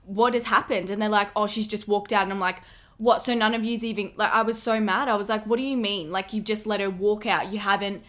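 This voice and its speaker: A young woman with a bright, forceful voice, casually retelling a story. She acts out quoted lines as she goes. Her voice sits at a middle pitch for a woman. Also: a little fast. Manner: animated, acting out quoted lines, swearing. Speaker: guest, host's sister.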